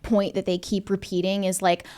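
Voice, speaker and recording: A woman's voice: mid-range voice, completely flat delivery, moderate pace, mellow. Sarcastic woman on a podcast panel. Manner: dismissive, sarcastic. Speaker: panel guest. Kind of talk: casual panel debate.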